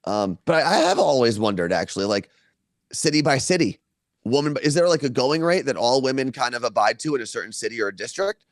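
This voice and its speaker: A man's voice: mid-range voice, lively intonation, fast, no room sound, studio quality. A man co-hosting a podcast, telling a long story in casual chat from a hotel room and laughing often. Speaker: podcast co-host.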